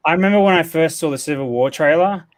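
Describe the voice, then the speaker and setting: A man hosting a live online debate, talking in an animated, rambling way and often repeating himself. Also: a little high, fast. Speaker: stream host. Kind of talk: casual live-stream debate.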